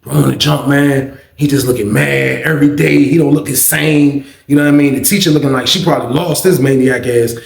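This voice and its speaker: A man hosting a storytime vlog, animated and profane, repeating "you know what I mean" often. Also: mid-range voice, a little fast, vocal fry, hardly any pauses, reverberant. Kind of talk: casual storytelling.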